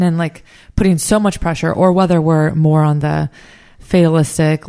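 A woman adding her thoughts in a casual podcast discussion, in a thoughtful, measured way. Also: low-pitched, fairly even intonation, dark tone.

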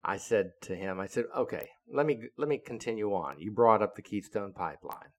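A man's voice: fairly low pitch, expressive. Older man telling an indignant story. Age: 70s. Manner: indignant, deliberate, lecturing. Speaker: retired naval officer telling a story. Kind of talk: casual storytelling monologue.

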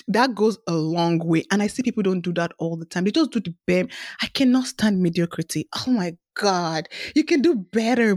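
A woman's voice: mid-range voice, no echo, studio quality. A woman hosting a casual podcast chat, talking animatedly and acting out cheerful customer-service messages. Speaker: podcast host.

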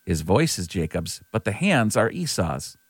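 A man's voice: fairly low pitch, sing-song, measured pace, husky, no room sound, full character voice. A man voicing an aging father giving his son a blessing, in an earnest, lightly voiced scripture reading.

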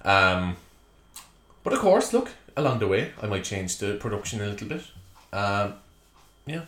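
A man's voice: fairly low pitch, big pitch swings, moderate pace, a bit bright. An Irish man hosting a solo comedy podcast, ranting chattily with lots of joking asides, recorded in a small room at home. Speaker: podcast host. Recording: echoey room.

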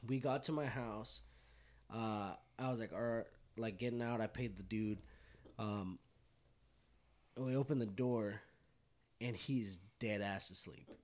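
A man's voice: fairly low pitch, unhurried, pauses often, darkish tone. A man casually telling a rowdy story to friends, swearing and laughing as he goes.

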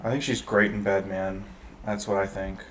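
Rambling low-voiced man, off-mic. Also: level tone, a bit bright, recorded from a distance. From Detroit, USA. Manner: rambling, halting restarts. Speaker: podcast guest. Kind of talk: casual chat. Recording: off-mic with faint background noise.

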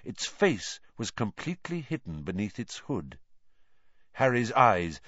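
Brief: male audiobook narrator, low and lively, dull lo-fi, dry sound. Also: unhurried, dry recording. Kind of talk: scripted narration of a novel.

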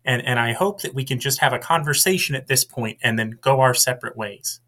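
Man as a reassuring traveling healer, forceful and bright. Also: mid-range voice, a little fast, voice pushed up. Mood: pleading. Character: diplomatic male adventurer healer, calm and reassuring.

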